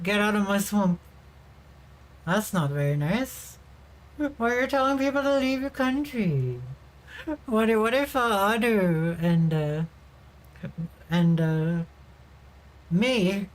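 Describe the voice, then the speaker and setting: Giggly, rambling woman streamer from Sweden. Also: mid-range voice. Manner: rambling, giggly, swears freely. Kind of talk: casual livestream chat.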